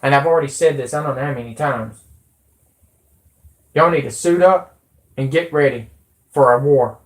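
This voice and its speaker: A man's voice: medium pitch, moderate pace, roomy sound. A man ranting to his viewers on a livestream, rambling and swearing freely, calling them folks and y'all. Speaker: conspiracy vlogger.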